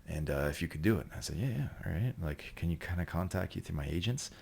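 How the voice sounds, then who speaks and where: A man with a very low, deep voice tells a story in casual podcast chat. He rambles and swears freely, with sudden loud, laughing bursts. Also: fairly even intonation, quick pace, gravelly, slightly rough. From Canada. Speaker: podcast guest.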